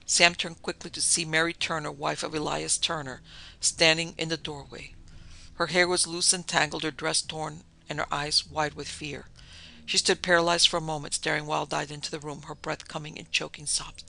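A podcast narrator reading a classic horror tale in dramatic, measured scripted narration. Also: mid-range voice, flat delivery, vocal fry, pushed and bright.

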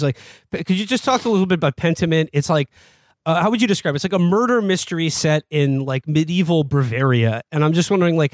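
A man's voice: a little high, no room sound. A man hosting a podcast, asking long, rambling questions full of likes and throwing in jokes. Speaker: podcast co-host. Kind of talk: casual podcast interview.

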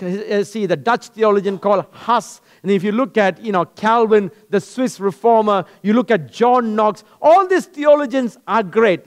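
High-voiced animated male preacher. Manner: animated, storytelling, acts out dialogues. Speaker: pastor. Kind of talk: sermon.

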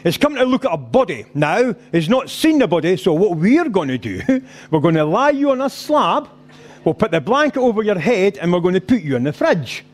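A man's voice: high voice, sing-song, fairly quick. A middle-aged Scottish man doing stand-up, telling rowdy sweary stories and slipping into voices. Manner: boisterous storytelling, swearing, slipping into character voices. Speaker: stand-up comedian. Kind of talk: live stand-up set. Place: rugby club function room.

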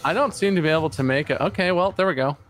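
A man's voice: fairly high pitch, racing, a bit bright. A man co-hosting a casual gaming podcast, teasing friends in a dry way while fiddling with game menus. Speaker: podcast co-host.

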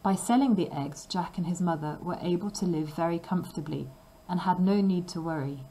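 A woman reading a fairy tale aloud slowly and carefully for language learners. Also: on the low side, warm tone, a little hiss or hum, poor audio. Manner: slow, careful and clearly paced. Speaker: storybook reader.

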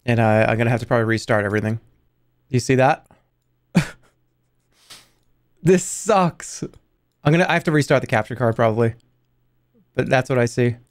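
A man in his thirties streaming games live, talking to his chat in an excitable, exasperated way, swearing and breaking into high-pitched outbursts. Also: moderate pace, pauses often. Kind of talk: live game stream commentary.

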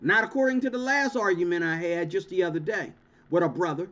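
Vlog host, male, high-pitched, confrontational and emphatic; muffled lo-fi recording. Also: fairly quick, fairly bright tone. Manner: emphatic, repetitive, stammering restarts; confrontational, ranting. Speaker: channel host. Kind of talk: monologue commentary vlog. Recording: dull lo-fi recording.

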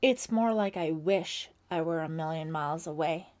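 A woman's voice: deep voice, normal speed, darkish tone, natural voice. A woman voicing a nervous teenage girl who is a camp counselor, speaking hesitantly and earnestly.

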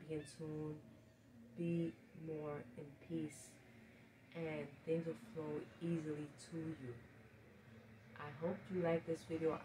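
A woman's voice: low-pitched, background noise. A woman vlogger giving a motivational talk to camera, emphatic and repeating her key phrases as direct commands. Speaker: lifestyle vlogger.

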